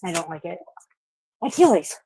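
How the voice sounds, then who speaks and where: A woman's voice: mid-range voice, a little fast, slight background noise. Swearing, frightened woman streaming outdoors. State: out of breath. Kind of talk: casual livestream chat. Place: outdoors in a backyard at night.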